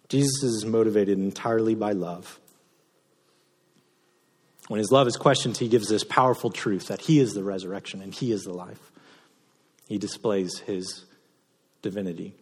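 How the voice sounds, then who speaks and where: Guy pastor giving a sermon in a church, kinda husky, long echo hanging in the hall. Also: fairly even intonation, moderate pace, pauses often. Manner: swings from loud impassioned preaching to soft low delivery. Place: church sanctuary. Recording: reverberant hall sound.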